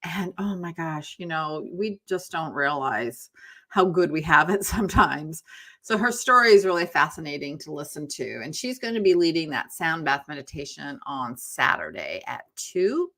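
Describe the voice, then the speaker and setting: A woman with a lower-pitched but bright voice chats on a live tarot stream from her home office. She talks freely and meanders, calling viewers by name and yawning from time to time. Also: very animated, moderate pace. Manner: chatty, rambling, talks to viewers by name, yawns often. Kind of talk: casual chat on a live stream.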